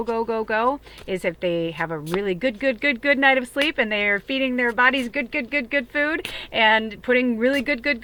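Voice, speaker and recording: A woman's voice: a little high, a bit bright, a little hiss or hum. A woman giving a casual spiritual tarot reading, chatty and rambling, with many fillers and an occasional swear. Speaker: tarot reader.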